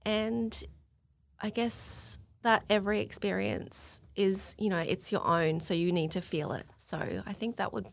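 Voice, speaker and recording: A woman from Australia talks as a podcast guest in an open, emotional way. Her speech is animated and full of fillers, and her pitch sits in a middle range. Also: measured pace, gravelly. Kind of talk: casual podcast chat.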